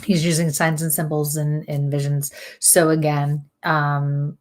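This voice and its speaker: A woman working as a medium, giving a live psychic reading in a halting, hesitant way with many fillers. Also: low-pitched, little pitch movement, darkish tone.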